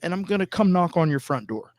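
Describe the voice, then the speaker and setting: A man's voice: high-pitched, lively intonation, fast, a little mellow, no room sound. A man co-hosting a casual wrestling podcast, teasing and blunt, swearing freely. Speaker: podcast co-host.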